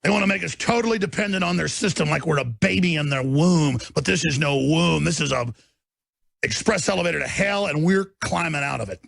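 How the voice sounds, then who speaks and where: A radio host, a man, rants with preachy fervor, often building into shouting. His voice sits fairly high with a heavy gravelly rasp. The sound is dry and close. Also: fairly quick, no echo. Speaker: radio talk show host. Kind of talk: impassioned on-air rant.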